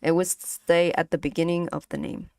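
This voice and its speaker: A young woman with a Vietnamese accent, teaching Vietnamese on a casual stream, speaking haltingly with many fillers and repeats. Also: on the low side, little pitch movement, a little mellow, clean tone, no room sound, studio quality. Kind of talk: casual language lesson stream.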